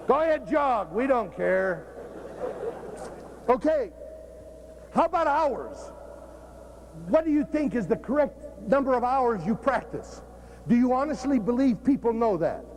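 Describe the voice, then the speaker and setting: A man's voice: extremely high pitch, lively intonation, normal speed, long pauses, a little hiss or hum. A man who is a football coach, giving a joking, blunt, profane talk at a coaching clinic. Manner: blunt and profane, cracking jokes.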